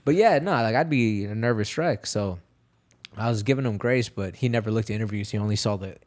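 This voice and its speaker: A young man telling fight stories as a podcast guest, casual, profane and animated, acting out the quotes. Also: lowish voice, brisk. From Texas, USA. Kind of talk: casual storytelling interview.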